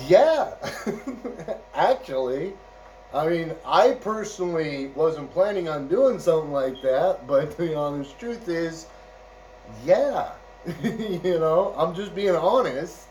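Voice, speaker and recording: A man's voice: a little high, unhurried, a little mellow, far from the mic, slight background noise, rough recording. A man telling a casual, rambling anecdote, chuckling often and checking in with "right?" and "you know". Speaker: storyteller.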